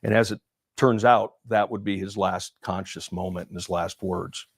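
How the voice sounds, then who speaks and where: A man, a former police officer, telling a story in an interview, halting and full of fillers and restarts. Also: deep voice, steady tone, no room sound, studio quality.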